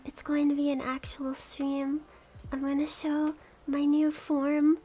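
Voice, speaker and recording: A woman's voice: high voice, fairly even intonation, a little slow, a little mellow. A woman streaming casual chat, giggly, thanking subscribers one by one. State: has the hiccups.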